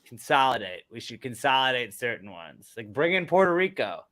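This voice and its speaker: A man's voice: medium pitch, big pitch swings, normal speed, fairly bright tone. A man from the United States co-hosting a podcast, ranting bluntly with plenty of swearing. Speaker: podcast co-host. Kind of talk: casual chat.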